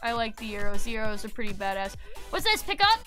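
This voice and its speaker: A woman streamer giving excitable live gaming commentary to her chat, swearing and yelling when frustrated. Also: fairly high pitch, fast talker, faint music behind.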